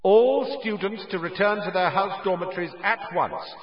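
A man's voice: high voice, moderate pace, roomy sound, dull audio, pitched above the performer's own voice. A man voicing a stern older female teacher giving a clipped, commanding announcement that sounds magnified and distant. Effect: magically magnified, distant.

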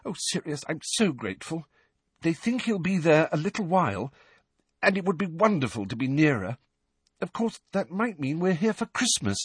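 A motherly middle-aged woman, high-pitched and gushing with gratitude, as a man puts her on for a storybook reading. Her voice is husky and close, with no room around it. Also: big pitch swings, normal speed, dry recording, exaggerated voice. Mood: tearful gratitude.

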